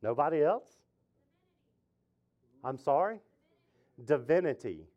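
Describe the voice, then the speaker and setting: A man's voice: on the high side, sing-song, slow pace, darkish tone. A male pastor preaching a casual, joking sermon to his congregation and asking them questions. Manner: chatty, jokey, asks the congregation questions. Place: church sanctuary with congregation.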